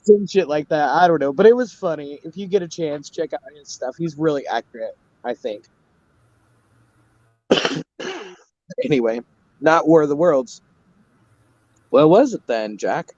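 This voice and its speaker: A man's voice: on the high side, unhurried, pauses often, darkish tone, dry recording, muffled recording. A man in his forties chatting casually about astrology and tarot, rambling and joking, laughing often. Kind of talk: casual chat.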